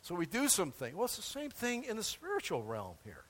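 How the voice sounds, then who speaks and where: Older male pastor, folksy emphatic sermon, lively pitch, hall echo. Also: a little fast. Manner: folksy and emphatic, with asides and chuckles.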